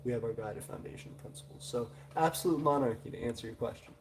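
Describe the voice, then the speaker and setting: A man's voice: medium pitch, fast talker, a little hiss or hum. A man with a Southern US accent, hosting a live stream and chatting loosely through viewer comments with many filler sounds. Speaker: livestream host. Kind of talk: casual live chat reading viewer comments.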